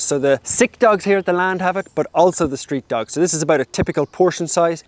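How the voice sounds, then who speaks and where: A man narrating a casual vlog outdoors while he feeds street dogs, chatty and friendly, now and then cooing at the animals. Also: dry recording. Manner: chatty, talks to the dogs in a high excited baby voice. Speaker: dog rescue volunteer feeding street dogs. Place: outdoors by a jungle road. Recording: music playing underneath.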